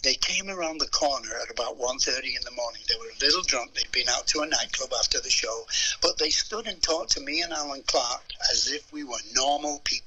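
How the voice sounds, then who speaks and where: An older man, telling stories as a musician guest in an interview, animated and acting out the people in them. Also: medium pitch, brisk, a little hiss or hum, poor audio. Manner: animated storyteller who acts out voices and hums melodies. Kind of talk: anecdotal storytelling interview.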